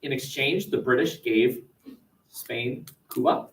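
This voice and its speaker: A male history teacher giving a classroom lecture, animated and jokey, with many restarts and fillers. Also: mid-range voice, slow pace, recorded from a distance, poor audio.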